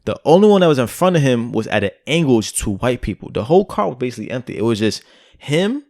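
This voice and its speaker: A man spins a loose, rambling story for a podcast, his voice at an ordinary middle pitch. He keeps checking in with his listener as he talks, and the sound is close and dry with no room around it. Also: big pitch swings, fast, a little mellow, no echo. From Brooklyn, New York. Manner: loose, rambling anecdote full of "like" and "right?". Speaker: podcast co-host. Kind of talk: casual storytelling chat.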